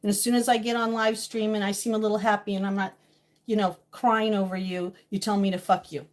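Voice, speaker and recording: A woman speaks fairly quickly in a mid-range voice with little pitch movement. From her home kitchen on a live stream, she greets chat viewers by name and vents emotionally about how she's feeling.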